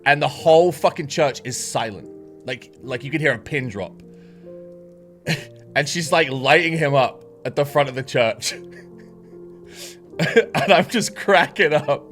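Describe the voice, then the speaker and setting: A man's voice: mid-range voice, expressive, a little slow, pauses often, a bit bright, faint music behind. Swearing man telling a story. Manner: swearing, rambling, laughs often. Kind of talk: casual anecdote.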